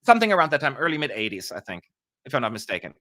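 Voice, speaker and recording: A man from Germany hosts a live stream in a casual, chatty way, with a bright, forceful voice. He pokes fun at himself and has a dry, sarcastic streak, and he reads viewer questions aloud. The sound is dry and close. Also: medium pitch, big pitch swings, racing, no echo.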